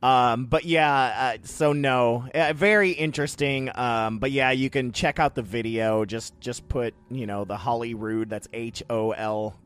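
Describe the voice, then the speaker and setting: A man's voice: medium pitch, measured pace, few pauses, smooth. Rambling man co-hosting a chat. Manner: rambling, laughing, animated storytelling. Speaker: podcast co-host. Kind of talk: casual chat.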